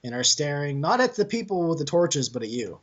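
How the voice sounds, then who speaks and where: A man's voice: on the high side, sing-song, a little fast, muffled recording. A man narrating as game master in a tabletop game, loose and chatty with fillers.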